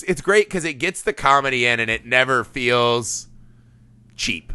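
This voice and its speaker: A man hosting a podcast, chatting casually about a film, animated and laughing often with casual swearing. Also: medium pitch, unhurried, clear, resonant tone, no echo. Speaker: podcast host.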